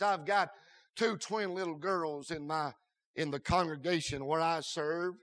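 Male pastor mid-sermon: chanting, shouting delivery with stammered restarts, bright sharp tone. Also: fairly high pitch, unhurried. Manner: fiery, shouting, sing-song preaching cadence; frequent "uh" fillers and stammered restarts.

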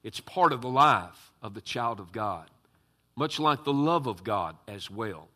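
A pastor preaches to his congregation in a bright, forward voice that sits on the low side, at a measured pace. He stresses key words heavily, slips into folksy asides, and uses filler words with relaxed, conversational warmth.

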